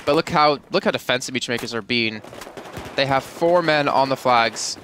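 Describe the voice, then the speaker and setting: A man's voice: mid-range voice, normal speed, sharp tone, a little hiss or hum. A man giving chatty, analytical color commentary on a live esports match.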